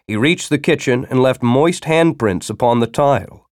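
A man's voice: mid-range voice, animated, moderate pace, no room sound, clean studio sound. Dramatic male audiobook narrator. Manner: dramatic, shifts into urgent shouting dialogue.

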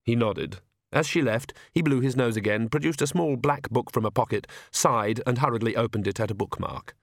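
A man's voice: mid-range voice, moderate pace, vocal fry, no echo. Man narrating a story, dry close sound. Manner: even, wry storytelling. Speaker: audiobook narrator. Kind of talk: scripted narration.

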